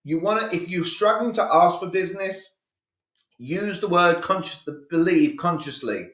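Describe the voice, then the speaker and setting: A man's voice: sits high, animated, normal speed, fairly bright tone, roomy sound. A male communication coach giving a live online sales training, talking energetically and with emphasis, acting out sales dialogues.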